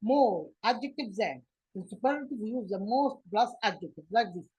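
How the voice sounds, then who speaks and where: A woman teacher with an Egyptian accent, explaining English grammar from slides, pausing often with fillers and restarts. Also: medium pitch, lively intonation, darkish tone, slightly rough, poor audio. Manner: halting, many fillers and restarts. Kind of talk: slide-based grammar lesson.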